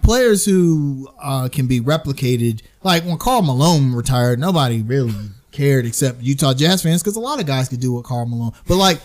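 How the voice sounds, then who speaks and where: A man co-hosting a casual sports talk show, opinionated and chatty with quick asides. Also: mid-range voice, lively intonation, a little mellow. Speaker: podcast co-host.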